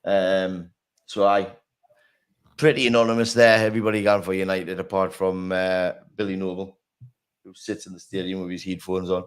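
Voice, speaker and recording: A man's voice: deep voice, level tone, normal speed. Laughing man reading predictions. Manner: laughs often, swears casually, reads out listener predictions. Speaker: podcast host. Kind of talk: casual football chat.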